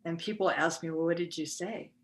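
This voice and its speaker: A middle-aged woman recounting a personal story as a podcast guest, speaking haltingly with many fillers and restarts. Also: on the low side.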